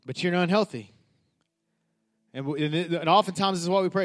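A man preaching a sermon with passion, repeating himself, rising from quiet talk to loud declarations. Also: a little high, expressive, fast. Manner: passionate, building to loud declarations with frequent restarts. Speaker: pastor.

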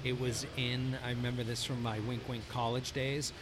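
A man hosting a casual podcast, telling animated stories and swearing freely. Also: mid-range voice, normal speed, noisy background. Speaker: podcast host, golf course superintendent. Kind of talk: casual chat. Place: brewery.

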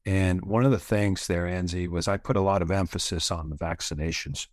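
A middle-aged man from Canada talks through his life story in a relaxed, rambling way, full of "you know" and casual swearing. His voice sits very low. The recording is dry, with no room sound. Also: a little fast, no echo. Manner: candid, rambling, swears freely, many fillers. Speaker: podcast guest.

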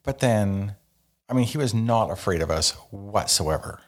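A man's voice: fairly low pitch, animated, unhurried. A man talks loosely on a podcast. He rambles, tosses in fillers and jokes around with his co-host. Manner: rambling, filler-heavy, joking. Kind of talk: casual chat.

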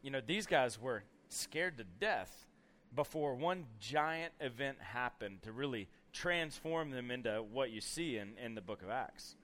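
A man's voice: mid-range voice, unhurried. A young man giving a storytelling sermon to a youth camp, acting out scenes with lots of casual fillers. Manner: animated storyteller acting out scenes, many "you know" fillers. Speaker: camp speaker.

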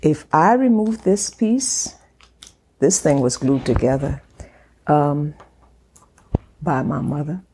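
A woman with a Liberian accent giving a slow, deliberate devotional talk as the host of a faith channel, dropping into soft whispered asides. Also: sits low, slight background noise. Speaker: faith vlogger.

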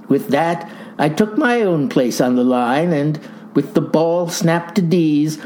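Slow, florid, mock-grand woman storyteller. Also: deep voice, dark tone, a little hiss or hum. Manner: mock-grandiose, florid vocabulary, folksy asides. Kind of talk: comic first-person story narration.

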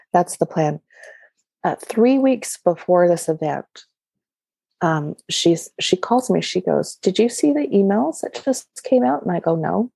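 A woman telling personal stories in conversation, animated and laughing often. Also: on the low side, gravelly, no room sound. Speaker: guest. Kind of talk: conversational storytelling.

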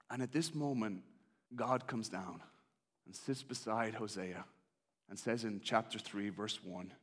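A man preaching a sermon in a conversational, animated storytelling style. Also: on the low side, unhurried. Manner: animated, conversational, acts out characters.

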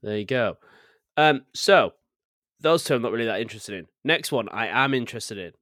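An easygoing man co-hosting a podcast in casual chat, reading film news out loud and chatting about it. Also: medium pitch, expressive, moderate pace, no echo, studio quality. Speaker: podcast co-host.

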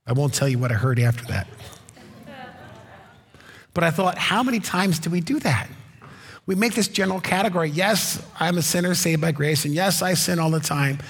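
A man's voice: on the high side, expressive, moderate pace, pauses often, slightly rough, big-room sound. A man preaching a sermon as pastor, telling stories in a conversational way with wry asides.

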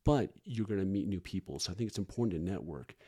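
A middle-aged man, a foster parent, talking candidly and earnestly as a podcast guest, often pausing and restarting. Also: sits low, animated, warm tone, breathy edge. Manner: earnest, halting, frequent restarts and fillers.

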